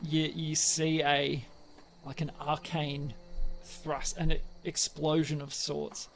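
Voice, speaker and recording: A man's voice: on the high side, completely flat delivery, takes it slowly, gravelly, a little hiss or hum. A man narrating as game master, hesitant with lots of fillers.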